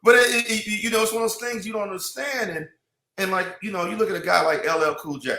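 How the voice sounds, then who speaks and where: A man's voice: high-pitched, fast talker, pushed and bright, reverberant, low-quality recording. A man in casual podcast chat, rambling with many restarts and "you know what I mean".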